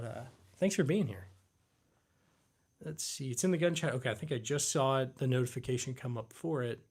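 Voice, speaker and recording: A young man hosting a casual live Q&A stream, rambling and reading chat aloud with lots of fillers. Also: mid-range voice. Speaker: livestream host.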